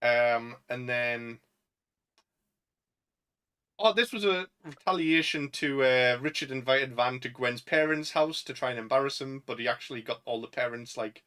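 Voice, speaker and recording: A Northern English man co-hosting a casual podcast chat with a bright, forceful voice at an ordinary pitch. He laughs often and breaks into put-on voices to quote films. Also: normal speed, clean tone. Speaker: podcast co-host.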